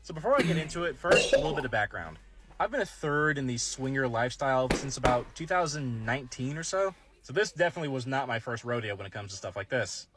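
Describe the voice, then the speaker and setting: A man in his thirties casually telling a personal story to camera in a laid-back drawl, slowing down for emphasis. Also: medium pitch, lively intonation, music in the background. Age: 30s. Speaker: storyteller in a social media clip.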